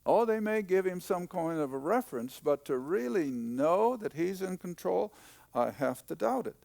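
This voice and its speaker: A man's voice: sits high, animated, normal speed, creaky, darkish tone, dry recording. An older man teaching the Bible in a folksy, emphatic way, stressing key points by repeating them.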